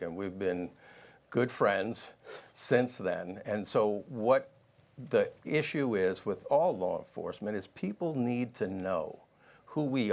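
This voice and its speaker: A man answering in a political debate, telling a personal story with hesitant pauses and fillers. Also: lowish voice, vocal fry. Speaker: sheriff candidate.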